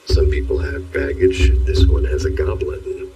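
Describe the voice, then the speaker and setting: A man narrating horror stories as a scripted read in a steady, even manner. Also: rumbling low, a little slow, a little hiss or hum. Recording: distant voice, faint music.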